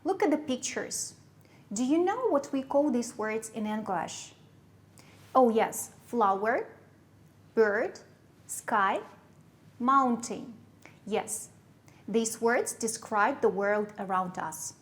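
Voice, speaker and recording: A woman with a Kyrgyz accent teaching English to young pupils, slowly repeating and spelling out words. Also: fairly high pitch, lively intonation.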